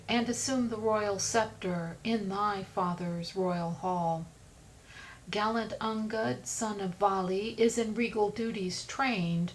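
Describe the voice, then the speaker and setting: A woman voicing a steady, dutiful exiled prince in an audiobook, speaking in grave measured verse. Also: medium pitch, a little hiss or hum, natural voice, poor audio.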